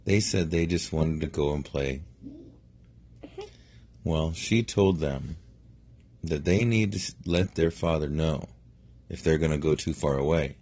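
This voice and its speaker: A middle-aged man improvising a bedtime story for a child, relaxed and meandering, correcting himself as he goes. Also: very deep voice, measured pace, long pauses. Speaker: parent telling a bedtime story.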